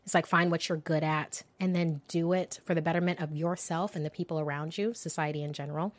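A woman hosting a casual movie news chat, animated and joking with sudden swings in pitch. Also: brisk, dry recording. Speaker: podcast host.

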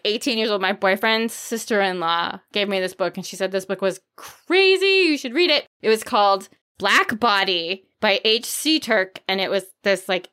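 Bright-voiced woman podcaster. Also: mid-range voice, clean tone. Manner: casual, filler-heavy, with a few laughs. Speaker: podcast co-host. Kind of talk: casual chat.

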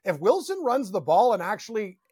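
A man co-hosting a casual sports betting chat, excitable, laughing often and ranting in quick bursts. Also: high-pitched, breathy edge, no room sound, studio quality. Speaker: co-host.

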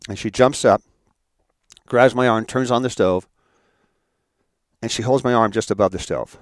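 A man telling a painful personal story in a motivational talk, halting and repeating words as he speaks heartfelt. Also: mid-range voice, dry recording, studio quality.

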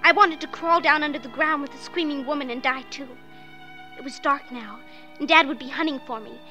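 A woman's voice: high-pitched, fairly quick, music in the background, natural voice. A woman playing a determined, earnest little girl in a 1940s radio drama. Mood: forlorn.

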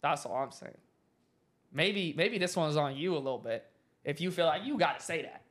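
A man's voice: fairly high pitch, animated, normal speed, fairly bright tone. A man hosting a podcast in casual chat, telling stories in a jokey, teasing way with plenty of slang. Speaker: podcast host.

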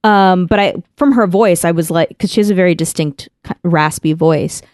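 A woman's voice: on the low side, moderate pace, darkish tone, no echo, studio quality. A woman co-hosting a podcast, chatting casually, telling a rambling story with lots of "like" and restarts. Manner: chatty storyteller, heavy use of "like", frequent restarts. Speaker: podcast co-host. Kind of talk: casual chat.

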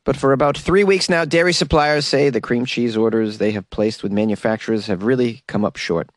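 A man's voice: medium pitch, a little fast, dry recording, clean studio sound. A man hosting a casual solo podcast, chatty and jokey and rambling, who often laughs at his own jokes. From New York. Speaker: podcast host.

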